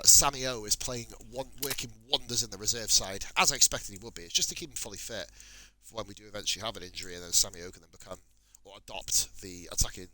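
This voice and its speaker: A man's voice: on the low side, bright, forceful tone. A young man giving casual, profanity-laced commentary while playing a game, chatting and muttering to himself. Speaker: gaming channel host.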